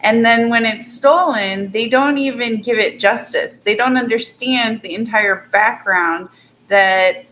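A woman speaking as an interview guest in a calm, measured, self-assured way. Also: on the high side, a little hiss or hum. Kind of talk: interview conversation.

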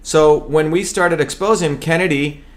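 On his web show, a candidate from India delivers campaign talk straight to camera, forceful yet prone to stumbling and repeating himself. The voice sits on the high side, and he keeps a moderate pace.

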